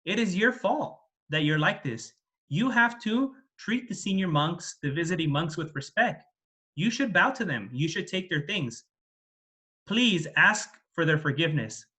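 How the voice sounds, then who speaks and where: A man voicing a calm, wise male teacher who gently corrects a proud student. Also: sits high, a little slow, heavily acted. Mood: instructing.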